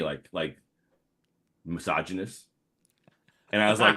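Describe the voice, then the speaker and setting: A man's voice: sits low, fairly quick. A man from the New area, telling stories in a casual podcast chat. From New Orleans area, Louisiana. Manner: animated storytelling with laughs. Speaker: guest comic artist.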